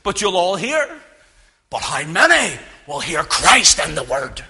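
Loud impassioned preacher. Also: male voice, big pitch swings, unhurried. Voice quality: loud, carrying voice. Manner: impassioned, rising to loud emphatic peaks then dropping low. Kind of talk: sermon. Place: church with speakers.

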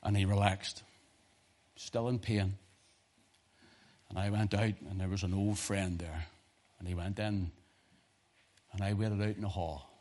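Preacher guy, lowish voice, goes quiet then booms out the sermon. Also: fairly even intonation, a little slow, pauses often. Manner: shifts from hushed storytelling to loud preaching. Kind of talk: street sermon with personal story.

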